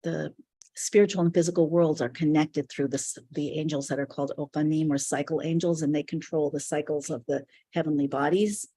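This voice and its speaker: A woman with a mellow, husky voice leads a live online spiritual class. She talks earnestly and reflectively, in loose, flowing phrases. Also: low voice, steady tone, brisk. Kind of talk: live online teaching session.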